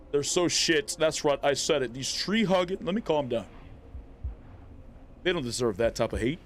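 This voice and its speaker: Man, streamer, playful taunts, bouncy expressive voice, game commentary. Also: on the high side, a little hiss or hum. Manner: playful, taunting, talks to enemy players. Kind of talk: live gameplay commentary.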